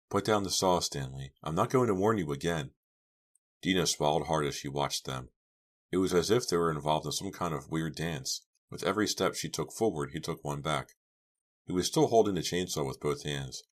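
A man narrating a horror novel audiobook in a measured, steady reading. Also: very deep voice. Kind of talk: scripted narration.

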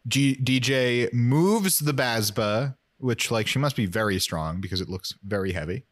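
A man's voice: mid-range voice, animated, unhurried. A man co-hosting a podcast, chatting casually and rambling with jokes and laughs while he recaps an episode. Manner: rambling, joking, laughs a lot. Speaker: podcast co-host. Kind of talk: casual chat recapping a show.

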